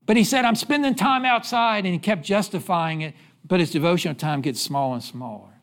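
A man preaching a sermon, telling stories and asking the congregation questions, then dropping low to give the answers. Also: fairly quick, fairly bright tone. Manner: preaching with call-and-response questions and sudden drops to a low voice. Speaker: pastor.

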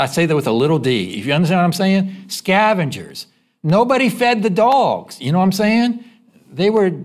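High, lively preacher man quizzing the congregation. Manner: asks the congregation fill-in-the-blank questions; conversational, folksy, with quick repeats. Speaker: pastor. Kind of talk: sermon. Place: church.

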